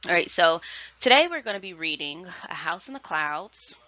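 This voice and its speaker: A woman first grade teacher giving a virtual lesson, speaking slowly and enunciating clearly. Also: lowish voice, animated, pushed and bright, no room sound. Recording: dull lo-fi sound.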